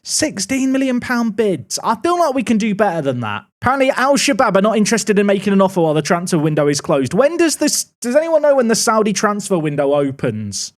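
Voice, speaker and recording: Gaming commentator, male, higher register with a bouncy, animated delivery; wry, thinks out loud at a desk mic. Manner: chatty, wry, thinking aloud while playing. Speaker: gaming YouTuber. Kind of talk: casual gameplay commentary.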